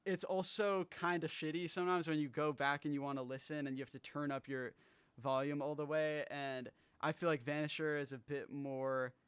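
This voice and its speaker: Man with a smooth, slightly higher voice. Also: steady tone, moderate pace, a bit bright, no echo. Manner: loose, rambling, swears often, trails off and restarts. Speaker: musician breaking down his own album sessions. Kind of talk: casual livestream talk.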